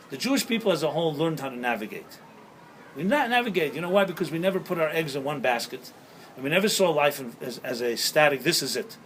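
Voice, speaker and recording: Here a fairly high, fairly bright male voice delivers a rabbi's sermon-style talk in the open air at sunset. Jokes, stories and rhetorical questions aimed at listeners fill it, and the low-quality recording carries slight background noise.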